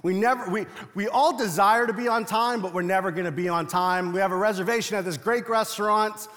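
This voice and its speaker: A man's voice: high voice, fairly quick, a bit bright, long reverb tail. A young man preaching a sermon as pastor, talking in a loose, funny storytelling way. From Latino family. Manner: conversational, humorous storytelling preacher.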